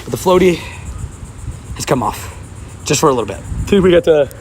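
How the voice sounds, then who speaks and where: Animated and brisk, his voice runs on the high side with a darkish tone. Sweaty and hot at a park by the water, he live-streams, laughs often, and chats casually with viewers against faint outdoor background noise.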